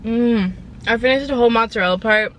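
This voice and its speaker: A young woman tells a story in a casual, chatty vlog, her voice sitting a little high. She is recorded on a camera phone in her car. A faint hiss sits underneath. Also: fairly quick. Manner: chatty, animated retelling with quoted voices. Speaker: vlogger.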